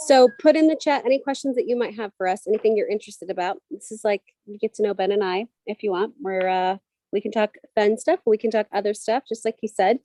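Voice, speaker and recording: A woman in her thirties with a medium-pitched, dark voice co-hosts a casual livestream, chatting and telling family stories. Her storytelling is chatty and full of quick asides. The recording is dry.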